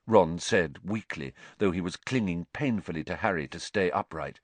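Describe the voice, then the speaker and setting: A man reading a story aloud as narrator, measured and expressive. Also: deep voice, no echo. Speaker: audiobook narrator. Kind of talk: scripted narration.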